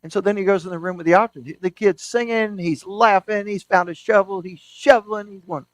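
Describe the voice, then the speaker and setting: A man's voice: sits high, a little fast, hardly any pauses, no echo. A man, a historian and author, giving a book talk as an enthusiastic storyteller, often restarting his sentences. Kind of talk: lecture with anecdotes.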